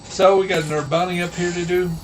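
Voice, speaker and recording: A man's voice: sits high, steady tone, fast. A man streaming a game, chatting casually and telling folksy stories with a drawl. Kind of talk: casual chat while gaming. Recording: distant mic with faint background noise.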